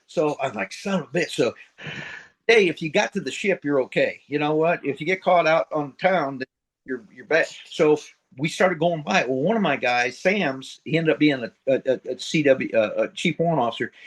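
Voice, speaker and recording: Middle-aged man, ex-Marine senior enlisted, slightly higher voice, profane rambling raconteur, casual interview. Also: rough recording. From central United States. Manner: rambling, profane, blunt, voices sound effects. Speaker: retired Marine sergeant major, guest.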